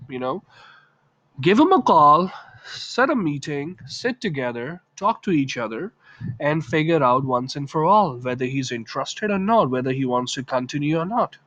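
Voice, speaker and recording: A chatty male English teacher talks through examples in a casual video lesson, now and then acting out short lines. His voice sits a little high. The recording is dry and dull, with a lo-fi edge. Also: expressive, normal speed, fairly bright tone, no echo.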